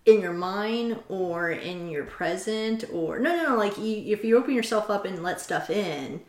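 A woman's voice: mid-range voice, animated, normal speed. A woman co-hosting a podcast in casual chat, telling stories with quoted asides. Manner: chatty, storytelling with laughs and quoted asides. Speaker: podcast co-host. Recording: roomy echo.

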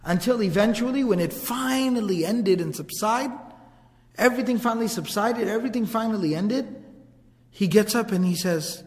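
A man's voice: high voice, lively intonation, normal speed. A male teacher retelling a historical story in a casual, vivid, conversational way, with asides to his listeners. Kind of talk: storytelling lesson. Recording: long hall reverb.

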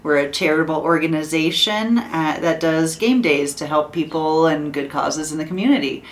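A woman from a charity introducing herself and her group in a steady, plain way. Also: sits low, moderate pace. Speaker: charity representative. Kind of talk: self-introduction.

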